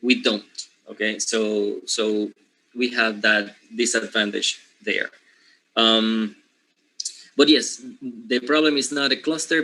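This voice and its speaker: Bright-voiced teacher with a Latin American Spanish accent. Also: male voice, fairly low pitch, poor audio. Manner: talks in loose restarts, checking in with "okay?" and "right?". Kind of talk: live online class lecture.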